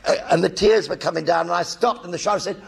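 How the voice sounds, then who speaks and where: A man's voice: high voice, racing, creaky, husky. An older actor telling anecdotes in a one-man stage show in front of a live audience, acting out other people's voices as he goes.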